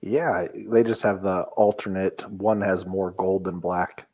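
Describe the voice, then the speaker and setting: A man's voice: low-pitched, fairly even intonation, measured pace, darkish tone, no room sound, dull audio. A man from the Midwest co-hosting a wrestling podcast, easygoing and full of questions. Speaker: podcast co-host. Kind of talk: casual wrestling chat.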